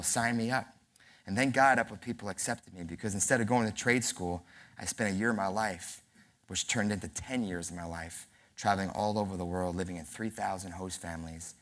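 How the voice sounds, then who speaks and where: Fast-talking guy in his 40s doing a funny keynote talk, acts out the dialogue. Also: low voice, fairly bright tone. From New York. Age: early 40s. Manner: storytelling with acted dialogue; self-deprecating, humorous. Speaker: keynote speaker. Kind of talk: motivational keynote speech. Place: convention center hall.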